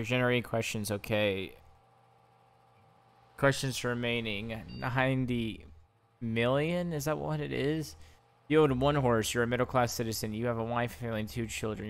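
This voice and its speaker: A man's voice: mid-range voice, a bit bright, smooth. A young man playing a video game, reading the on-screen questions aloud and reacting with exclamations. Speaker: gaming YouTuber. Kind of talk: let's play commentary.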